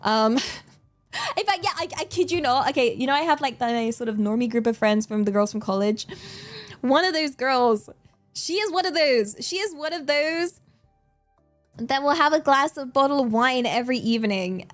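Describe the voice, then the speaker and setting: Giggly high-voiced woman. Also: moderate pace, soft background music. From England. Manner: giggly, animated, exclamatory. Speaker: streamer. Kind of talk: casual chat.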